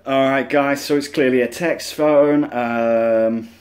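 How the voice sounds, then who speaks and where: Brief: scam-baiting vlogger man, medium pitch, casual and rambling. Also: steady tone, takes it slowly. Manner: chatty and rambling, many uh and um fillers. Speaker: scam-baiting channel host. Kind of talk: casual vlog talk to camera.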